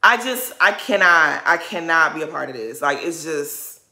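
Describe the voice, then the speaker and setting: A woman delivers an indignant reality-show recap. Her voice is bright and forceful, and she hammers her points through repeated rhetorical phrases. The room around her is echoey. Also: sits low, animated, normal speed. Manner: indignant, emphatic, repetitive rhetorical build-ups. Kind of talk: opinionated recap commentary.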